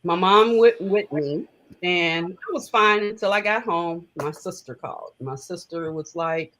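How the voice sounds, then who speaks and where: In a low-quality recording, a middle-aged woman with a lowish, slightly bright voice is interviewed as a guest. She shares personal memories in a reflective, heartfelt manner, her phrases halting.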